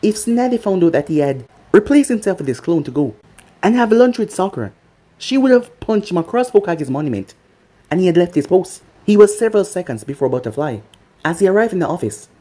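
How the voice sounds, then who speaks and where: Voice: medium pitch, a little fast. A storyteller reading a fan-made anime story aloud, acting out each character. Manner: animated, acts out the characters. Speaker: channel storyteller.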